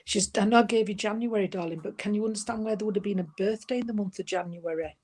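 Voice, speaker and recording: Woman medium, warm-toned chatter, endearments throughout, mid pitch. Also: fast. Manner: gentle, chatty, full of endearments like sweetheart and darling. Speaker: spiritualist medium. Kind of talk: giving a spirit reading.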